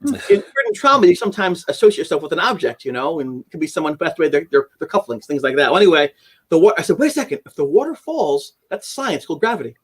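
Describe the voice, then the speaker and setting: A man's voice: big pitch swings, fast talker, husky. A man as a podcast guest, earnestly retelling a frightening personal story and acting out his own panicked words. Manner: earnest, emotional, acts out quotes with sudden high shouts.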